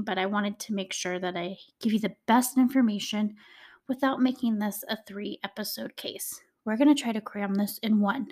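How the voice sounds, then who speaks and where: With a medium-pitched, darkish voice, this woman runs a true crime podcast and tells the case casually and conversationally, leaning into dramatic emphasis. She's an adult and a parent.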